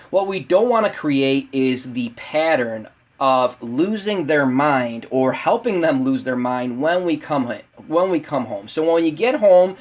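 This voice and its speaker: A man teaching a dog training webinar in a casual way, talking straight to viewers with many fillers and restarts. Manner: acts out lively owner voices in high pitch.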